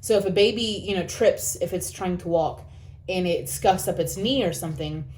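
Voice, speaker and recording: A woman's voice: on the low side, moderate pace, darkish tone, slight background noise. Earnest woman giving heartfelt advice. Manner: earnest, encouraging, repeats phrases for emphasis. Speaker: vlogger. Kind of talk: reflective personal talk.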